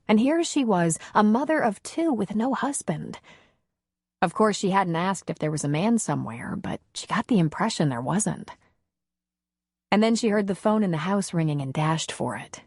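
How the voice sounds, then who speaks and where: A woman reading a romance audiobook in calm, even scripted narration, close to the mic. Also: mid-range voice, dry recording.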